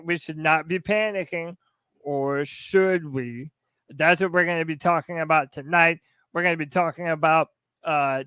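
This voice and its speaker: A man co-hosting a sports podcast, energetic and hyped. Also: high-pitched, smooth, no room sound. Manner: energetic, hype, shouting out fans. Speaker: podcast co-host. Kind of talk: hype sports podcast talk.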